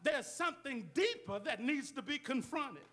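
A man's voice: extremely high pitch, very animated, normal speed, bright, forceful tone. A male pastor preaching a sermon with call-and-response, repeated amens and rhetorical questions to the congregation.

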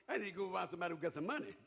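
An older male preacher with a high, gravelly voice that leaps all over its range. He drops to a near hush and then climbs into ringing shouts, with a husky edge throughout. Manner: call-and-response preaching, swings from hushed to shouting. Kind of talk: sermon.

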